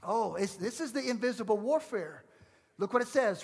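High-voiced preacher man in a reverberant hall. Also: animated, normal speed, husky. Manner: fervent, call-and-response preaching, swinging between loud and hushed. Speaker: pastor. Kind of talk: sermon. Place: church sanctuary.

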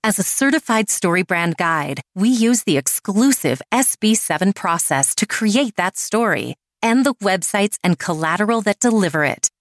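A woman's voice: mid-range voice, expressive, normal speed, hardly any pauses, no echo, studio quality. A woman reading a scripted advertisement in a polished, upbeat way. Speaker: ad announcer. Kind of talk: scripted ad read.

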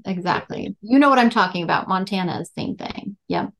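A woman's voice: medium pitch, fairly quick, creaky, a bit bright. A woman author as a podcast guest, talking in a casual, upbeat way and laughing often. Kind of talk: casual interview chat.

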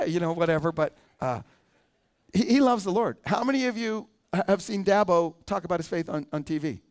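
A man's voice: on the high side, expressive, fast talker. A male pastor preaching a sermon in a conversational way, often asking the congregation questions.

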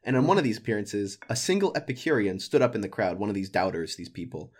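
A man retelling an ancient story in casual, joking chat, quick to laugh. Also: fairly low pitch, sing-song, a little mellow. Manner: jokey, laughing, acts out figures in silly voices.

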